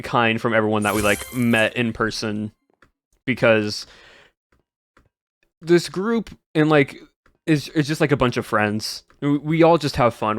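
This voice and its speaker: A man's voice: medium pitch, a bit bright, clean tone, no room sound. A man streaming, chatting casually to his viewers in a rambling way with lots of "like" and restarts. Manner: rambling, full of "like" and restarts, laughs often.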